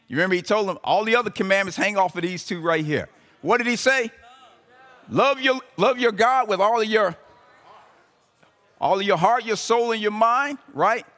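A man's voice: sits high, fairly quick, pushed and bright. A man preaching a sermon, talking to the congregation conversationally with emphatic rising calls. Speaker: pastor. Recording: live sermon in a reverberant hall.

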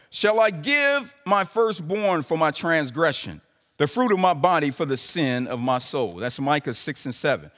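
In a reverberant hall, a pastor delivers a live sermon, his voice leaning high with a fairly bright tone. He addresses the congregation conversationally and rises into emphatic calls.

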